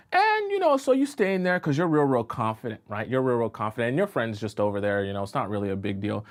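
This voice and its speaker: A man's voice: on the high side, sing-song, fairly quick, hardly any pauses. A man coaching on dating in a livestream, spinning a long illustrative story and checking in with "okay?" and "right?". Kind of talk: livestream advice talk.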